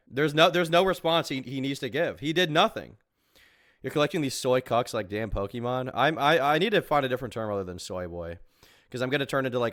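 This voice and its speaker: A man's voice: medium pitch, fairly bright tone, dry recording, clean studio sound. A man streaming reaction commentary, mocking and incredulous, swearing often and breaking into laughter.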